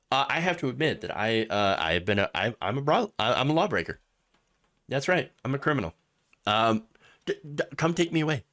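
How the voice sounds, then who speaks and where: With a mid-range voice, a man from Michigan hosts casual political commentary. His delivery is sarcastic and animated, broken up by frequent chuckles.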